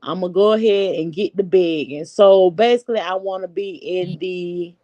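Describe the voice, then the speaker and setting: Woman, 40s, AAVE, slow chatty live-stream host; low pitch, dry close recording. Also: dark tone, dry recording, lo-fi sound. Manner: chatty, unhurried, talks straight to viewers. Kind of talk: casual live-stream chat.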